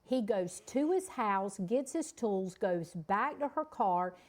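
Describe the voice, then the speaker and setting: A woman with a Southern US accent chats on a casual podcast. She tells stories in a slow, drawn-out, rambling way, with a voice of ordinary middle pitch. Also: lively intonation. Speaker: podcast co-host. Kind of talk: casual chat, storytelling.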